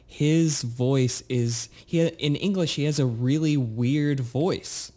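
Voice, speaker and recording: A man chatting casually as a podcast co-host, talking in halting bursts with many restarts and "uh" fillers. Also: medium pitch, mellow. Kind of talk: casual chat.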